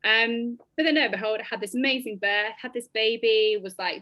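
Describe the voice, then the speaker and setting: Expressive woman, dry recording. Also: fairly high pitch, fast talker, hardly any pauses, dry recording. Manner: animated, expressive storytelling with many fillers. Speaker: podcast guest. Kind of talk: personal storytelling interview.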